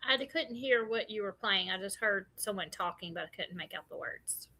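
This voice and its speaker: A woman chatting casually with the host from away from the microphone, speaking quietly. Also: medium pitch, moderate pace, rough recording. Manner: quiet, speaking off-mic in the background.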